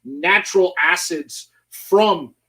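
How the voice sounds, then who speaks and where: A man's voice: high voice, slow, bright, forceful tone. A male host telling playful stories in casual chat. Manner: chatty, playful storyteller. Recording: voice a bit far from the mic.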